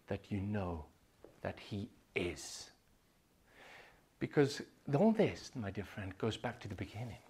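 A man delivering a sermon in a husky voice. His pitch rises and falls with wide, lively swings. He moves between loud, emphatic declarations and breathy whispers. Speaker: preacher.

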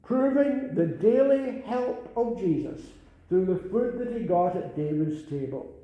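A man's voice: sits high, expressive, unhurried, muffled recording. An older man preaching a sermon earnestly, repeating phrases and rising to emphatic calls. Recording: very echoey room.

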